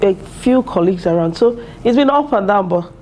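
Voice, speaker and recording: Earnest mellow-voiced woman in her thirties. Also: medium pitch, expressive, a little fast. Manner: earnest, heartfelt, with many fillers and restarts. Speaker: PhD student and mother. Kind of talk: interview testimonial. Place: university building.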